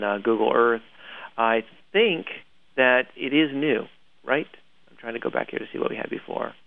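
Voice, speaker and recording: A gravelly-voiced man co-hosts a casual news talk, animated and opinionated. His voice comes through thin and tinny, like a phone line. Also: mid-range voice. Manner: animated, opinionated, laughs often. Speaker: podcast co-host.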